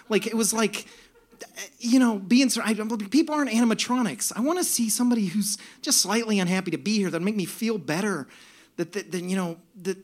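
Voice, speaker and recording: A man's voice: sits high, brisk. A man telling a comic story on a live stage, sardonic, with bursts of mock outrage. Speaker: storyteller performer. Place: stage before a laughing audience.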